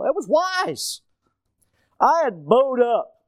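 A middle-aged male preacher telling a personal story in a sermon, animated, moving from quiet asides to loud shouting, his throat strained. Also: on the high side, normal speed, dry recording.

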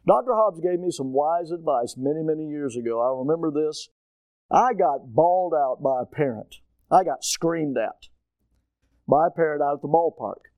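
A middle-aged male preacher shares a personal story in his sermon with animated energy, swinging from quiet asides to loud shouting that strains his throat. His voice is fairly high, his pace moderate, and the recording is dry.

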